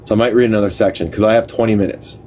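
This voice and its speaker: A man's voice: fairly low pitch, fairly even intonation, darkish tone, a little hiss or hum. Man reading a book aloud on a livestream. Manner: reads haltingly, stops to puzzle over words; talks to viewers offhand, apologetic. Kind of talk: casual live reading with chat asides.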